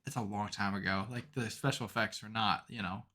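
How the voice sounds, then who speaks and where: A young man co-hosting a podcast, chatting casually and telling stories with lots of "like" and "um", animated as he gets into them. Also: lowish voice, a little fast. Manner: rambling, filler-heavy, animated storytelling. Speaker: podcast co-host. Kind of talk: casual chat.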